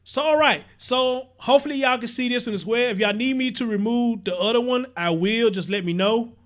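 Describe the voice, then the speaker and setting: A man's voice: extremely high pitch, fairly quick, a bit bright. A man hosting a casual livestream, chatting straight to his viewers and greeting them by name. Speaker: livestream host.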